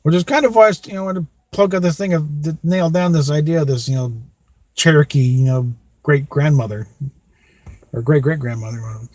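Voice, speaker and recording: A man's voice: on the high side, brisk, darkish tone, no echo. Rambling man, dry close sound. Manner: rambling, many fillers, chuckles often. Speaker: podcast host. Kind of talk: rambling casual chat.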